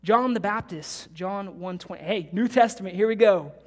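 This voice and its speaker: A woman pastor preaching an earnest sermon, building to loud emphatic bursts when she quotes scripture. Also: mid-range voice, normal speed. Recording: long reverb of a large hall.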